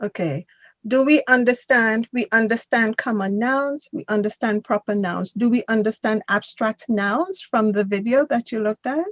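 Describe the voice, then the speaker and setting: A woman's voice: fairly high pitch, normal speed, dry recording, muffled recording. A woman teaching a grammar class, patiently correcting a student and drilling pronunciation. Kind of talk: online class instruction.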